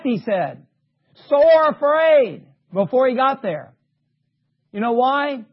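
A man preaching a sermon, fervently asking his congregation rhetorical questions and rising to shouts. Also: very high-pitched, very animated, slow pace, long pauses. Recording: dull lo-fi recording.

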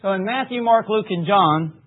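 A man preaching a sermon, reading scripture emphatically and dropping low for asides. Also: moderate pace. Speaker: pastor. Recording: tinny phone-like recording.

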